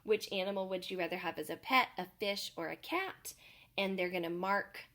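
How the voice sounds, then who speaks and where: A preschool teacher explaining home activities to parents in a video tutorial, talking in a friendly, explanatory way with many "um" fillers. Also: female voice, on the low side, moderate pace, fairly bright tone.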